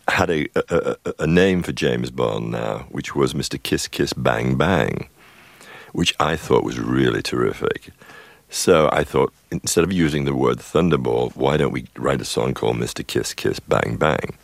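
A man's voice: a bass voice, unhurried, creaky, dry recording. An older man, a film composer being interviewed on radio, recalls the past in a rambling, chuckling way, often stopping to restart his sentences. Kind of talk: radio interview, anecdotal storytelling.

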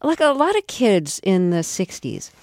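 A woman's voice: medium pitch, wildly swooping pitch, a little slow, darkish tone, no room sound, studio quality. A woman hosting a radio interview who asks curious, probing questions.

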